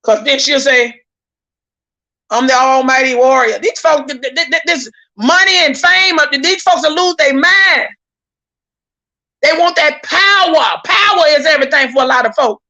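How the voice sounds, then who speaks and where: A woman's voice: sits high, a little slow, bright, forceful tone. A woman giving heated live-stream commentary, indignant and preachy, repeating her points, stammering when worked up and calling out to viewers. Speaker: YouTube commentator.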